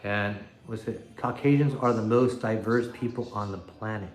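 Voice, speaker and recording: A man's voice: fairly low pitch, fairly even intonation, moderate pace. Casual male livestream host, rambling and chuckling, phone mic in an echoey living room. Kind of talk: casual livestream chat reading comments. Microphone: iPhone.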